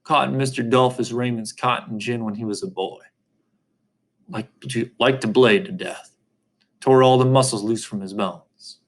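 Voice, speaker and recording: A man reading aloud, voicing an older country preacher who speaks in a hushed, confiding way. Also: mid-range voice, moderate pace, natural voice.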